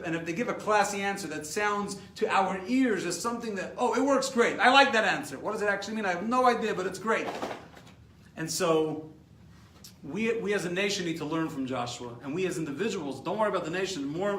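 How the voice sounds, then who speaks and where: A man with an American accent, a rabbi giving a lively class and taking questions, animated and repeating words as he gets going. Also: high-pitched. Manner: animated, repeats words when excited, laughs at his own stories. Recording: echoey room, mic at a distance, faint hiss.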